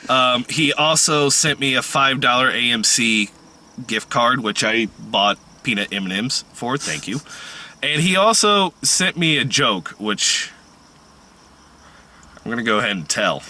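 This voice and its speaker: A man's voice: mid-range voice, lively intonation, a little slow, bright, forceful tone. A man hosting a casual podcast, telling rambling, profane stories and laughing often. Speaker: podcast host. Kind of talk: casual chat.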